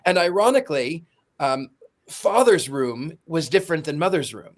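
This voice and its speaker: A man's voice: fairly high pitch, expressive, normal speed. A man co-hosting a podcast who explains with enthusiasm and wanders into long asides. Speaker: podcast co-host. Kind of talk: casual chat.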